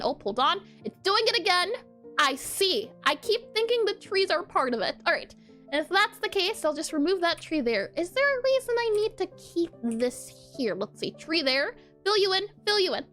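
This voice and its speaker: Streaming herself making pixel art, a woman chats and giggles as she draws, reading her chat aloud and bantering back. Her voice is extremely high, very animated, and fairly bright, delivered at a moderate pace over faint background music.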